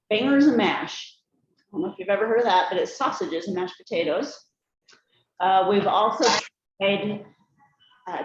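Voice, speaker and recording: Cheerful woman telling family stories in an echoey room. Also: medium pitch. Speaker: speaker giving a family talk. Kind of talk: prepared speech to a group. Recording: echoey room, slightly dull sound, faint noise.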